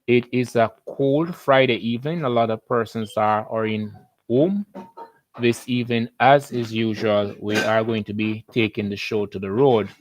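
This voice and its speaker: A man's voice: mid-range voice, fairly even intonation, normal speed, no echo, faint music behind. A Jamaican man, a biology teacher, hosting a live-stream lesson, chatty and upbeat as he greets viewers by name.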